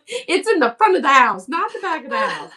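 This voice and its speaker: Lady, high voice, swoopy and animated, laughing while she tells a story. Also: normal speed, far from the mic. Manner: animated, laughing storyteller who acts out quotes. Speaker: guest, fellow reseller. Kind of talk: casual chat, storytelling.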